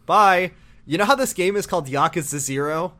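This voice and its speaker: A man chatting casually as he recaps a video game story. He slips into quick character voices for laughs, keeping an easygoing, playful tone. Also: sits high, pushed and bright. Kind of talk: casual chat.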